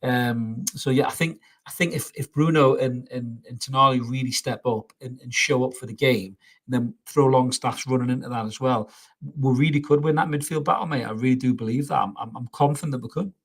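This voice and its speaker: A man's voice: mid-range voice, a little fast. A man co-hosting a football podcast, chatting casually and joking with his co-host. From North East England. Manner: chatty and jokey, says mate.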